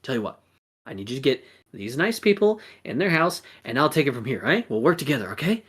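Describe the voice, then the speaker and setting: A man's voice: mid-range voice, sing-song, fairly quick, fairly bright tone, slightly rough. Brash dragon hero, swaggering, swearing, man putting on the voice, tabletop game. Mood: encouraging.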